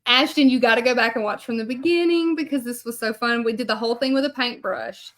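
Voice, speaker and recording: A woman talks to her livestream audience while painting a sign in her home studio. Her voice sits a little high, and her chat wanders loosely between an anecdote and what her hands are doing. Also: quick pace, faint music behind. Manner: chatty, rambling, talks to viewers as she works. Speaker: hand-lettering artist and channel host.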